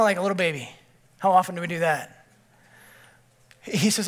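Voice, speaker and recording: A male pastor giving a sermon, telling a personal story with animated energy and checking in with the congregation. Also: high voice, normal speed, pauses often. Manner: animated storytelling with frequent "okay?" check-ins.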